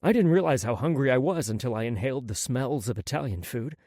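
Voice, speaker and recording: A man reading a first-person novel as an audiobook narrator, with an expressive, intimate delivery. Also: medium pitch, fast, no echo, studio quality.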